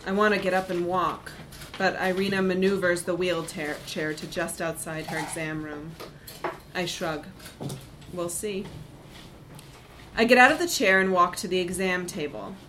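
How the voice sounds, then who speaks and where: A woman narrating a first-person literary story in a measured, reflective way. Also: fairly low pitch, a bit bright, slight background noise, rough recording.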